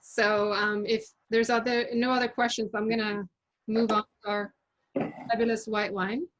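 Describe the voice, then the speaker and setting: A woman's voice: a little high, little pitch movement, measured pace, pauses often, fairly bright tone, rough recording. A woman leading a virtual wine tasting, talking casually with many fillers and restarts. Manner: chatty, many fillers and self-corrections. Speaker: winery representative leading a tasting. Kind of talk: casual presentation on a video call.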